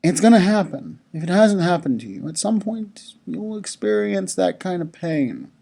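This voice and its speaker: A speaker giving a chapel talk to school children, telling a story gently and asking the listeners questions. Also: medium pitch, animated, moderate pace, creaky.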